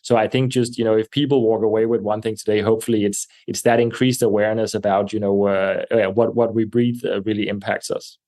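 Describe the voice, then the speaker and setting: A man speaking as a podcast guest, measured and thoughtful, with frequent fillers and restarts. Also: fairly low pitch, little pitch movement, mellow. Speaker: guest, air purification company representative. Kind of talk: podcast interview answers. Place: New York.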